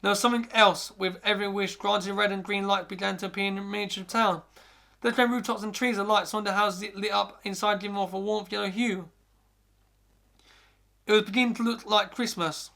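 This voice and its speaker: A man's voice: high voice, fairly even intonation, brisk, vocal fry, pushed and bright. A man hosting a podcast, reading a scary story aloud in the first person, often stumbling and restarting words. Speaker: podcast host.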